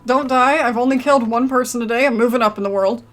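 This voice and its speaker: With a fairly high, bright voice and fast delivery, a woman plays through a game on a let's play. She's chatty and self-deprecating, reads the on-screen text out loud, and bursts out in exasperation at what happens.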